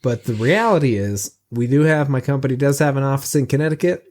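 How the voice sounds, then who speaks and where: A man co-hosting a casual podcast, stumbling over hedged, halting explanations. His voice is mid-pitched and plain. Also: darkish tone. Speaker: podcast co-host.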